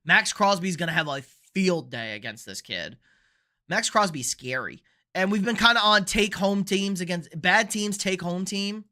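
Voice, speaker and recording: A young man with a bright, forward voice runs a live football picks stream. He talks in a loose, rambling way and reacts to viewer chat as it comes in. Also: high voice, expressive, moderate pace. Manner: casual, rambling, reads and answers viewer chat. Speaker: sports show host.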